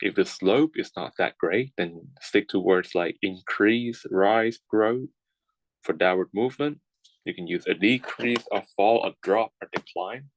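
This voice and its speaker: A man's voice: on the low side, unhurried, no echo, poor audio. A man teaching a writing class, lecturing with frequent "okay"s and restarts. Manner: repeats words and restarts, says okay often.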